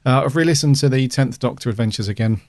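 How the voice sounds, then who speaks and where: A man's voice: medium pitch, quick pace, a little mellow, no echo, clean studio sound. A middle-aged man co-hosting a podcast, rambling casually with lots of fillers and restarts. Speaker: podcast co-host. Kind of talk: casual chat.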